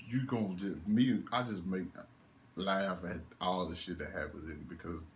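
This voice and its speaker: Slight background noise sits under a young man's low-pitched voice as he does an unscripted one-take review of a movie. He rants in disbelief, animated throughout, laughing and cursing as he goes.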